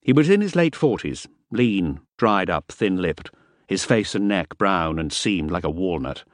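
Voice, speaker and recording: A man narrating a first-person audiobook in a measured, understated way. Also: low-pitched, animated, no echo, clean studio sound.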